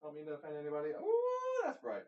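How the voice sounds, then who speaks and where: A man's voice: medium pitch, moderate pace, darkish tone. A man rambling casually at home while filming a tech vlog, talking to his gear and wandering off on tangents, recorded on a handheld camera. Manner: chatty, talks to objects, many tangents. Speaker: tech vlogger. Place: room at home. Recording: roomy, distant, dull camera audio.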